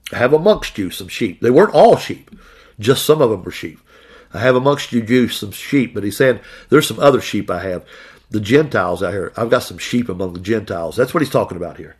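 Husky-voiced male preacher. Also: mid-range voice. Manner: earnest preaching, quoting scripture slowly, asking the listeners questions. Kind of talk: sermon.

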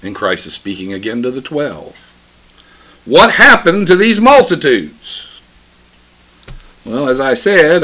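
A man delivers a sermon, first reading old scripture slowly and solemnly. His voice is bright with a husky edge, and his pitch moves a lot as he stresses key words. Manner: reads scripture slowly and solemnly, then preaches with emphatic swells. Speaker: preacher.

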